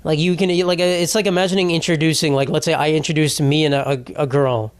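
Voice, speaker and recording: A man's voice: fairly high pitch, fairly even intonation, fast talker, clean tone, no room sound. A young man in his twenties hosting a podcast, delivering a rambling, profane comedic monologue. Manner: rambling and profane, with frequent restarts. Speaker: podcast host.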